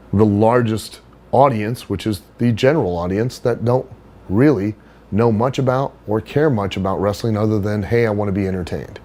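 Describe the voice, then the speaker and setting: Brief: middle-aged man, low voice, blunt and profane podcast guest. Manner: blunt and profane, animated storytelling. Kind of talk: casual chat, storytelling.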